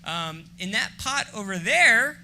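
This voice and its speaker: A man's voice: high-pitched, big pitch swings, a little slow, sharp tone. A man running a live science demonstration on stage, upbeat and jokey, explaining each step to the audience. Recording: noisy live event ambience.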